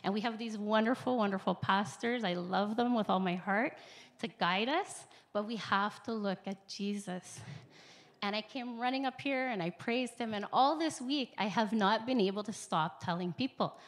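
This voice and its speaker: A woman's voice: medium pitch, normal speed. A woman giving an earnest, emotional personal testimony at the front of a church, rambling at times and speeding up in bursts. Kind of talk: personal testimony before a congregation. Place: church sanctuary, speaking at the front.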